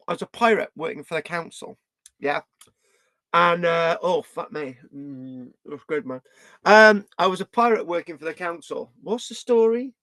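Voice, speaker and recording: A man's voice: high voice, gravelly, a bit bright, no room sound. A British man vlogging in a rambling, scattered way, swearing and tagging his lines with "right?". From Britain. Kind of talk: rambling casual vlog.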